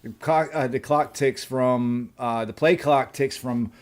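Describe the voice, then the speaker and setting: A man co-hosting a casual sports podcast, talking haltingly with many uhs and restarts. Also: medium pitch. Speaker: podcast co-host.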